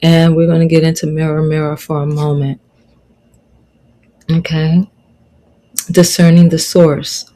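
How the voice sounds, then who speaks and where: A woman's voice: deep voice, little pitch movement, a little slow, long pauses, dark tone, poor audio. A middle-aged woman life coach teaching a motivational online lesson, preaching and repeating her key phrases for emphasis.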